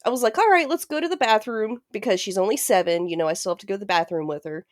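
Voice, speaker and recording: A woman's voice: mid-range voice, quick pace, dry recording. A woman in her thirties, a podcast co-host telling a story in casual chat, laughing often and swearing freely. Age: 30s.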